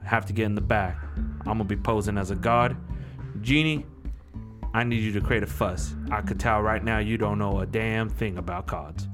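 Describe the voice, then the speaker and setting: A man with a lowish voice plays his character at a tabletop game. He talks in a bossy, profane way and hands out orders, with music running underneath. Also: fairly even intonation, normal speed. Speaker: player. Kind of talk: in-character tabletop role-play.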